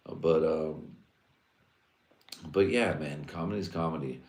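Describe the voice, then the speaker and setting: Deep-voiced profane man rambling. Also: a little slow, darkish tone. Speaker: livestream host. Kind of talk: casual rambling monologue. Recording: roomy echo.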